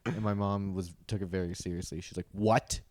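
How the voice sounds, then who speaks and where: A man's voice: low-pitched, level tone, fast talker, darkish tone, no room sound. A man co-hosting a comedy podcast, telling rambling childhood anecdotes full of fillers and quoted voices in casual banter. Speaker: comedian co-host.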